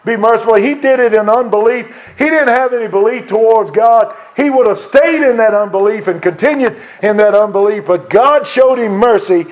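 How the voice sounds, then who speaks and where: A high-voiced man preaches an earnest sermon, quoting scripture and circling back over his points. The recording is dull and lo-fi. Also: a little mellow.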